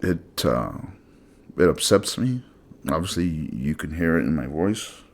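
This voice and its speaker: A man's voice: very deep voice, expressive, a little slow, slight background noise. A man hosting his own channel, delivering a blunt, profane solo monologue. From United States. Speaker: channel host.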